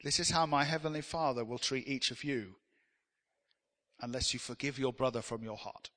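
Emphatic preacher with a ringing voice. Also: male voice, mid-range voice, fairly even intonation, normal speed, pushed and bright, in a large hall. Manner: emphatic, leads the congregation in call-and-response. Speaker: pastor. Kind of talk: sermon.

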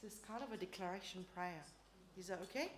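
A woman preaching and then leading a group in prayer, earnest and unhurried, sometimes dropping to a soft prayerful voice. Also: lowish voice, noisy background. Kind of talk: sermon and guided prayer. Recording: echoey room with faint ambience.

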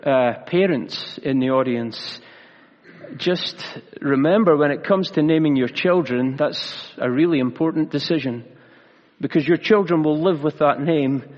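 A pastor preaching a sermon in a measured way, slowing down for emphasis and adding light humor. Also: male voice, on the high side. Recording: reverberant hall, dull lo-fi sound.

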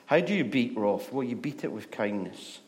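A man's voice: mid-range voice, moderate pace. Scottish man preaching a sermon. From Scotland. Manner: storytelling, shifts from hushed to loud and animated. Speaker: pastor.

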